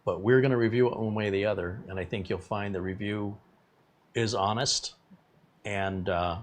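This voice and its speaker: A man's voice: on the low side, fairly even intonation, moderate pace. A man in his fifties hosting a live tech stream, chatting casually and rambling between topics while reading viewer comments. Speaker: tech YouTuber host.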